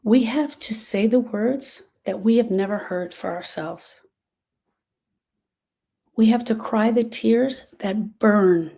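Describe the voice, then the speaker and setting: Warm-voiced woman giving an earnest pep talk. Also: fairly high pitch, takes it slowly, vocal fry, breathy edge. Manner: earnest, repeats key phrases, speaks directly to the listener. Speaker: grief support host. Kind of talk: heartfelt live-stream talk to viewers.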